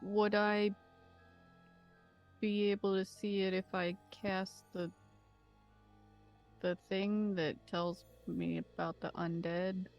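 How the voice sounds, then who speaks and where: A woman's voice: medium pitch, little pitch movement, slow pace, pauses often, darkish tone, soft background music. A woman playing in a tabletop game, asking hesitant questions and thinking aloud about her move. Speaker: player. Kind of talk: casual tabletop game play.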